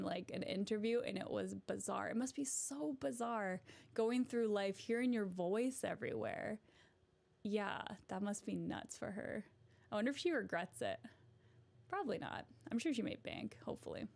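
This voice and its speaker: A woman's voice: medium pitch, normal speed, gravelly, a little mellow. A young woman streaming, chatting casually to viewers, giggly and self-amused. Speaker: voice-acting streamer.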